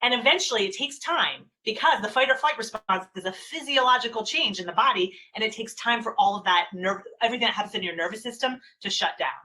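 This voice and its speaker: Bright-voiced woman giving a webinar. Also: on the high side, quick pace, hardly any pauses, rough recording. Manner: animated, acts out quoted parents and kids. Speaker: parenting expert giving a webinar talk. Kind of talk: webinar presentation.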